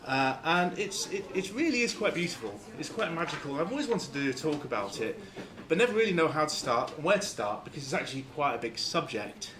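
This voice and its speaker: A man from Lancashire giving an informal talk to a club, halting and full of fillers and restarts. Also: fairly high pitch, big pitch swings, a crowd in the background. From Lancashire, England. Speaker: guest speaker.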